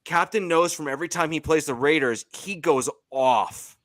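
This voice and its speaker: Canadian guy talking football, kinda high voice, lots of ums and restarts, dry close sound. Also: normal speed, fairly bright tone, dry recording. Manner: hesitant, many fillers and restarts. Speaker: podcast co-host. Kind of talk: casual sports chat.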